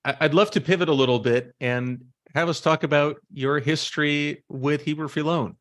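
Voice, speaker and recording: A man's voice: on the high side, fairly even intonation, normal speed, a bit bright. A man hosting an interview, polite and encouraging as he asks questions. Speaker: host, interviewer.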